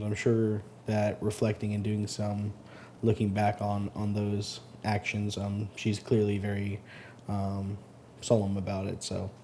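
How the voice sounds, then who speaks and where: A man hosting a story channel who reads posts aloud, then comments in a halting, earnest way, often stumbling and repeating words. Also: fairly low pitch, slight background noise. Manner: sympathetic, soft-spoken commentary. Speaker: Reddit story reader and host.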